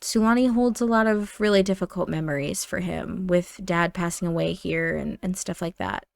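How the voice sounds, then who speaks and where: A gentle grown daughter who coaxes her mother softly, as a woman puts her on. Low-pitched and close, with a dry, roomless sound. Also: normal speed, vocal fry, dry recording. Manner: gentle, coaxing. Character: gentle adult daughter, persuasive.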